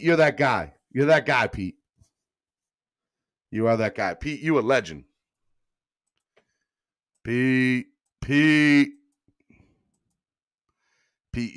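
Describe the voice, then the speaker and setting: A podcast host with a Southern US accent from Miami runs a live sports stream, chatting casually while shouting out donors and hyping his chat. His voice sits on the low side.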